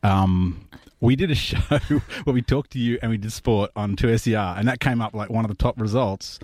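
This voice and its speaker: A man's voice: on the low side, normal speed, darkish tone, no room sound, studio quality. A man co-hosting a comedic sports radio show, giggly and rambling. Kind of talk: casual comedic radio chat.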